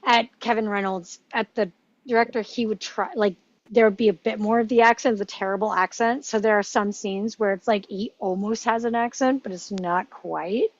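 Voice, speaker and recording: Woman, mid pitch, chatty and rambling host on a video call, slightly dull lo-fi audio. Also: fairly even intonation, moderate pace, dry recording. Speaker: table read host. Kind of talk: casual chat. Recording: dull lo-fi sound.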